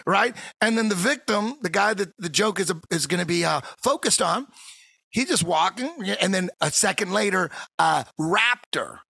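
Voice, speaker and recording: Gravelly, raspy podcast host, high-pitched. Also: male voice, normal speed. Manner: rambling, profane, animated storytelling. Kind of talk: casual conversation.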